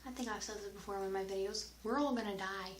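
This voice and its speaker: A woman answers viewer questions in a casual vlog, chatty and rambling, sometimes sinking into a whisper. Her mid-range voice races along with fairly even intonation. The room gives a noticeable echo, and there's a little hiss or hum.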